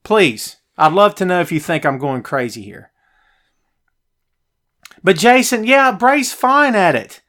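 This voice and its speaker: A middle-aged man hosting a live stream from his home office, chatty and animated as he answers viewer comments. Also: high voice, slow pace, long pauses. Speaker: podcast host. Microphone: headphones, phone nearby.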